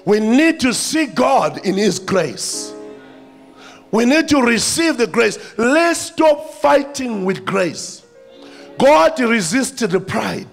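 High-pitched gravelly preaching man. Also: sing-song, takes it slowly, soft background music. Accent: South African. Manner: impassioned preaching, rising to shouts. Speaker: pastor. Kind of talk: sermon.

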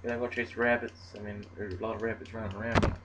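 A man hosting casual gameplay commentary, excitable and jokey, who breaks into mock-outraged shouts. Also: on the low side, fast talker, noisy background. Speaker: gaming channel host.

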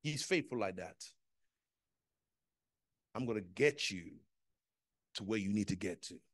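A man's voice: fairly low pitch, expressive, a little slow, no room sound, low-quality recording. A male pastor giving an urgent, pleading altar call in church, with many repeated lines.

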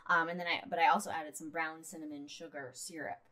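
A woman's voice: low-pitched, level tone, fast talker, sharp tone. A woman co-hosting a podcast in casual chat, playful and full of fillers. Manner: chatty, playful, many fillers. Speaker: podcast co-host.

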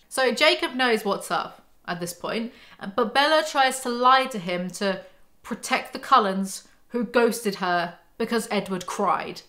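A woman's voice: a little high, unhurried, pushed and bright. A young woman hosting a book commentary vlog, reading passages aloud and breaking in with sarcastic, exasperated asides.

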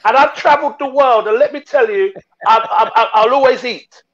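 A man's voice: very high voice, brisk, fairly bright tone, highs cut off. A man chatting as a guest, boasting in jest and laughing. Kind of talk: casual chat.

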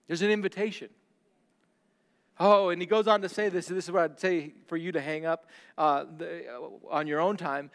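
A male pastor preaching a sermon, swinging between loud declarations and hushed, slow lines. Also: a little high, fairly even intonation, long reverb tail.

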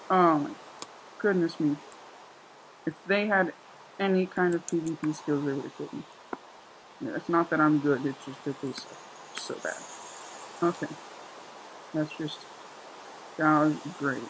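A young man giving casual, excitable commentary while he plays a survival game, exclaiming and joking sarcastically. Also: a little high, a little hiss or hum, low-quality recording. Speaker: gameplay commentator.

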